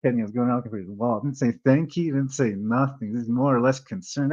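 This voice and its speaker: A man's voice: mid-range voice, brisk, hardly any pauses, darkish tone. A man telling a story casually, rambling, swearing and tagging lines with "eh?", on a dull lo-fi recording. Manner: rambling, profane, frequent "eh?" tags.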